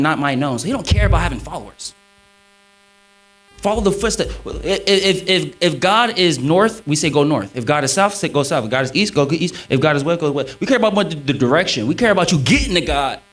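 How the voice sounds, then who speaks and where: A man talking on stage before an audience, preaching on scripture with a preacherly emphasis. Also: poor audio. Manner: lively, swinging pitch, preacherly emphasis.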